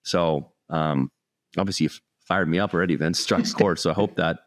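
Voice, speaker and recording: A middle-aged man, a sales speaker, telling a personal story in an earnest, animated way during an interview. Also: low voice, a little fast, dry recording, clean studio sound.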